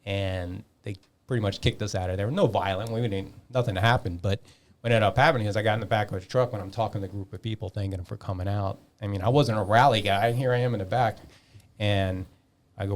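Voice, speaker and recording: A man in his fifties with a low-pitched voice talks as a podcast guest, spinning an animated story. He swears freely and acts out the back-and-forth with other people himself. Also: quick pace. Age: 50s. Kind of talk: casual storytelling.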